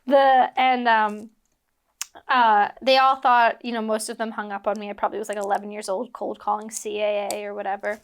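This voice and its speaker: Her voice is mid-range, clear and resonant, delivered flatly at a normal speed. She's a guest actress from Philadelphia, United States, casually chatting and rambling with lots of fillers as she builds bricks, laughing at herself when distracted.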